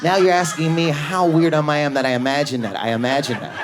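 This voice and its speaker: A man doing a stand-up comedy set in a club, riffing at high energy on an audience member. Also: steady tone, fast, noisy background. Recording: live club with a laughing crowd. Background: audience laughter.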